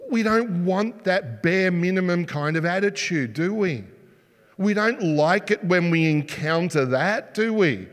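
A man preaching a sermon, telling stories with animated delivery and throwing rhetorical questions at the congregation. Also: sits high, a little slow. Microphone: sermon mic, mask just taken off. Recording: long hall reverb.

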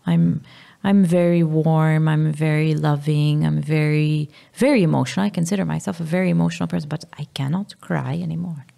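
A Maltese-accented woman, a mother talking candidly about her sick child, pausing and searching for her words. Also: low-pitched, steady tone, creaky, dark tone. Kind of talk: candid emotional conversation.

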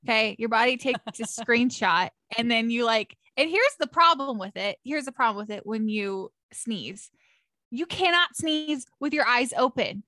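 A bubbly young woman with a Californian accent, chatting casually and ranting in an exaggerated, playful way. Her voice is bright and fairly high, with quick bursts of laughter. The recording is dry and close, with no room sound. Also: dry recording. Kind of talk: casual chat.

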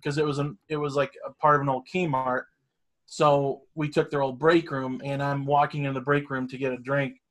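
A man's voice: medium pitch, a bit bright. A middle-aged man telling a long story in casual chat, rambling and swearing freely. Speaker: storyteller guest.

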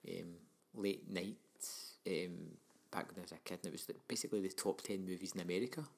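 A man's voice: deep voice, fairly even intonation, fairly quick, gravelly, a little mellow. A man, co-hosting a casual film review chat and rambling through his memories with plenty of ums. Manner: rambling, lots of ums and likes. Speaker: podcast co-host.

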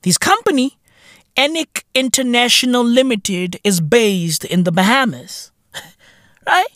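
A man hosting a podcast with British slang, ranting in a comic monologue with profane, animated jokes. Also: very high voice, measured pace, no room sound, studio quality. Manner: animated, profane, slangy, laughing between lines. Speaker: podcast host. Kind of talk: comedic rant monologue.

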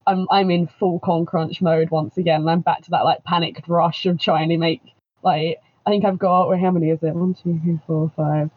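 A chatty woman talking about cosplay, laughing often and poking fun at herself. Her voice is husky. The audio comes through dull and lo-fi. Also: lowish voice, level tone, normal speed. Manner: chatty, laughs a lot, self-deprecating. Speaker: cosplayer guest. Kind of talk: casual chat on a live stream.

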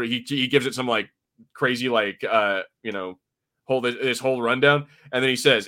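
Speaking at a moderate pace with a sharp, mid-range voice, a man co-hosting a podcast chats casually about a review. His talk rambles, full of fillers and restarts.

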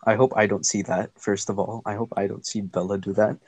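A teenage boy chatting casually on a remote call, relaxed and a little hesitant. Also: lowish voice, brisk, slightly rough, no room sound. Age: teens. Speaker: co-host. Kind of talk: casual chat.

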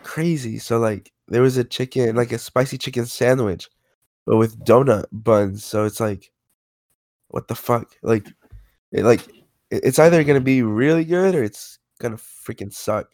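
A man's voice: mid-range voice, normal speed, a little mellow, no echo, studio quality. A man co-hosting a podcast, chatting casually in loose, profane slang. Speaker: podcast co-host. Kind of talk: casual chat.

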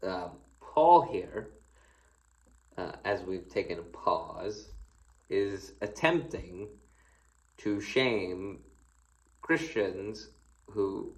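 Slow, low-voiced pastor man. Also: poor audio. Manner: reads scripture aloud, then comments conversationally; folksy and playful asides. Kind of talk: casual devotional Bible teaching.

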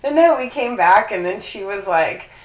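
A woman's voice: mid-range voice, animated, normal speed. A young woman telling a story in casual chat, swearing and laughing often. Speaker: co-host. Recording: echoey room.

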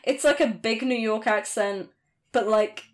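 A young woman chatting casually on a podcast with a fairly high voice. She rambles through her thoughts with plenty of fillers and breaks into giggles often. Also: measured pace. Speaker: podcast co-host. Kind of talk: casual chat.

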